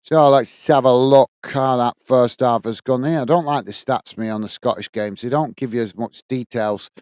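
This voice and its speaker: A man's voice: medium pitch, normal speed, darkish tone, clear, resonant tone, no echo, clean studio sound. A man hosting a live football watch-along, chatting to viewers and reading their comments aloud. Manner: chatty, addresses viewers as guys and mate.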